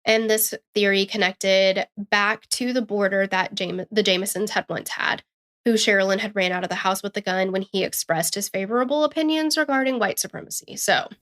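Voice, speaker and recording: A woman co-hosting a true-crime podcast, reading the case notes in a steady, matter-of-fact way. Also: mid-range voice, fairly quick. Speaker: podcast co-host.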